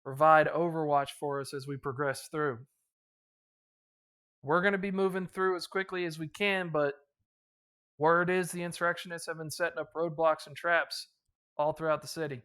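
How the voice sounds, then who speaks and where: A gruff male marine officer runs a brisk mission briefing, voiced by a man running a tabletop game. The voice sits slightly high and comes across smooth and clear, with a commanding tone. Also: level tone, a bit bright, lightly acted.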